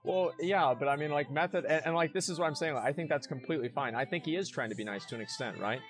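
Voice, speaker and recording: A man's voice: on the high side, fast talker. A man streaming, arguing his side in a heated casual debate and pressing his points with repeated words.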